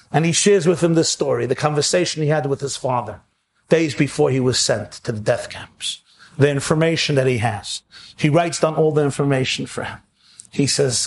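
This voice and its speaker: A man giving a sermon as a storytelling rabbi, animated and rising to shouts at emotional peaks, sprinkling in Yiddish and Hebrew phrases. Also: fairly high pitch, normal speed.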